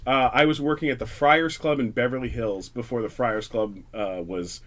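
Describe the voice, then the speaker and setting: A man from Canada sits at a studio microphone as a comedian guest, spinning a story in a loose, meandering way. He swears easily and stumbles through restarts and fillers. His voice sits at an ordinary middle pitch for a man. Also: steady tone, moderate pace, fairly bright tone. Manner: rambling, profane, with many fillers and restarts. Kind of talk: casual storytelling on a talk radio show. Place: radio studio.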